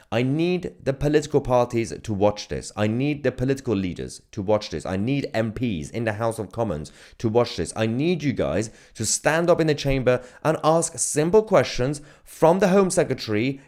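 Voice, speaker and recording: Indignant man with a lively voice. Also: medium pitch, moderate pace, hardly any pauses. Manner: indignant, insistent, lists demands. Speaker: independent journalist. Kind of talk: impassioned statement to camera.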